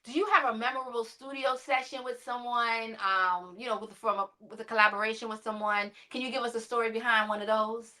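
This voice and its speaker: A woman hosting a casual interview, enthusiastic and quick with affirmations. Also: fairly high pitch, little pitch movement, bright, forceful tone. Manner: enthusiastic, reacts with frequent affirmations. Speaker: podcast host.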